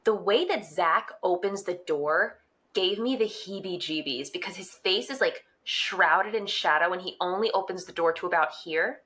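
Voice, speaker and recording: A woman's voice: fairly low pitch, normal speed. A woman co-hosting a podcast, chatting casually and working through her notes on a TV episode. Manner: relaxed, amused, reads from her notes. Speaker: podcast co-host. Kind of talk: casual recap chat.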